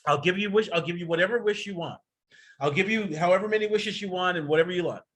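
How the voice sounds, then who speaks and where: A man's voice: sits high, quick pace, a bit bright. A man voicing a magic wish-granting fish in a retold fairy tale, close to his own voice. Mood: matter-of-fact.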